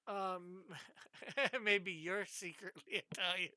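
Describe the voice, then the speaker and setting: A woman's voice: medium pitch, unhurried, sharp tone, smooth, no room sound. A woman hosting a live drawing stream, chatting in a meandering, giggly way. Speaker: stream host and comic artist. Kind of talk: casual live-stream chat.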